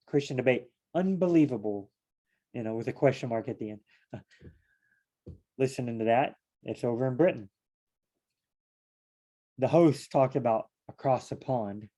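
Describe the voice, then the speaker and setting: A man's voice: medium pitch, dark tone. A man leading a casual Bible study, rambling and correcting himself with chatty asides.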